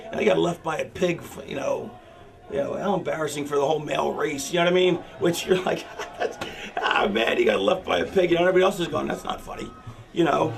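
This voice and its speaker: A man's voice: a little high, fast, vocal fry. A man talking a younger wrestler through a match plan in a rambling, profane way, full of "you know". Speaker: veteran wrestler coaching a younger wrestler. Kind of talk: casual backstage planning talk. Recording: music playing in the background.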